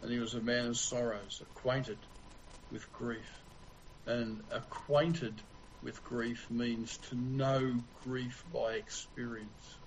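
A man preaching a sermon in a slow, deliberate way with long pauses. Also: medium pitch, fairly even intonation, a little hiss or hum, low-quality recording.

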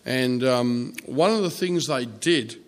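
A man preaching a sermon, telling a story softly with fillers and restarts. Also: medium pitch. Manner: storytelling, soft and halting with fillers.

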